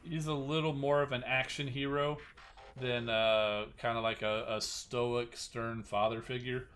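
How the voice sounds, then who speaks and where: A man's voice: mid-range voice, flat delivery, measured pace, a bit bright. A man hosting a game live stream, chatting casually and rambling, often restarting his sentences and answering viewers. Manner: rambling, with many restarts and asides to chat.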